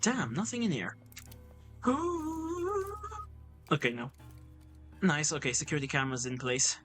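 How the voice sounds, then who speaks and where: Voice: medium pitch, sing-song, fairly quick, a bit bright, soft background music. A gaming YouTuber giving let's-play commentary, reacting casually and thinking aloud while playing.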